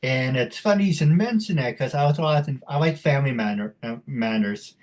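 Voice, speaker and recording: A man's voice: mid-range voice, fairly quick, darkish tone. A man hosting a casual interview, chatty and joking in a loose way. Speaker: interview host.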